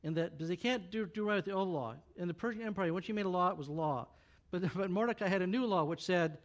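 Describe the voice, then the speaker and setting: High-voiced preacher telling a Bible story. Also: male voice, quick pace. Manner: casual, joking, animated retelling. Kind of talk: sermon storytelling.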